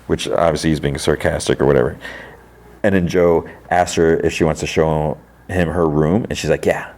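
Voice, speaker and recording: A man with a deep, low voice talks through a TV episode in a loose, rambling way. He quotes the characters' lines and nudges his voice a little for each of them. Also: fairly even intonation, moderate pace, a little mellow. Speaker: podcast host recapping a TV episode. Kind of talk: casual episode recap.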